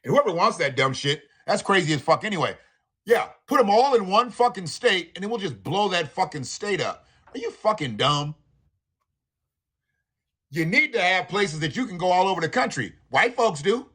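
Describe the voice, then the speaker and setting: A man hosting a live stream, ranting in a profane, animated way with laughing asides. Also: high voice, normal speed, husky. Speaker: livestream host. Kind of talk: live commentary rant.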